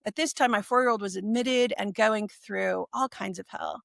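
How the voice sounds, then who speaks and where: A woman in her forties, a podcast guest, telling her personal story in a lively way and acting out what people said. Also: mid-range voice, moderate pace, gravelly, dry recording, clean studio sound. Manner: animated, acts out quoted speech.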